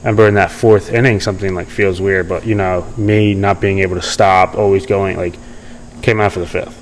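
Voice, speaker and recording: A man's voice: deep voice, little pitch movement, a little fast, a little hiss or hum, rough recording. A young man telling his story in a casual interview, rambling with many fillers and restarts. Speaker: podcast guest.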